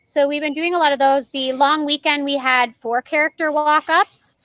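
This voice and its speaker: An animated woman tells stories in a casual interview, acting out the dialogue and laughing as she goes. Her voice is bright and forceful. The recording is dry and a little dull. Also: sits high, moderate pace, no room sound. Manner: animated, acts out quoted dialogue, laughs often. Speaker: party character performer.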